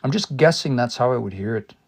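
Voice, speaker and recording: A man studying a language on a casual livestream, thinking aloud and sounding out new words slowly and repeatedly. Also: medium pitch, animated, creaky. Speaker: language teacher.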